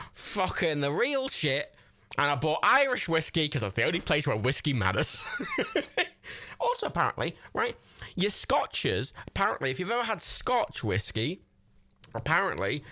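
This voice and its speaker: A man's voice: mid-range voice, bright, forceful tone. Young guy on a stream, swears nonstop, rambles, voice jumps all over. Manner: sweary, rambling, laughs often. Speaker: livestream host. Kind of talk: casual chat.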